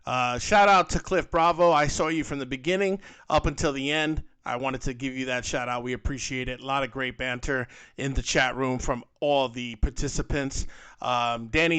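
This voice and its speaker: A man co-hosting a casual fan podcast, talking in an animated, rambling way with lots of fillers. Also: medium pitch, moderate pace, clear, resonant tone. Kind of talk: casual panel chat.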